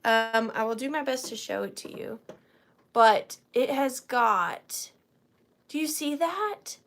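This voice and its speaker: A woman's voice: on the high side, animated, slow pace, a bit bright. A woman hosting a live online antiques sale from her home office, chatting with viewers by name and counting down bids. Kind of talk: live-stream auction chat.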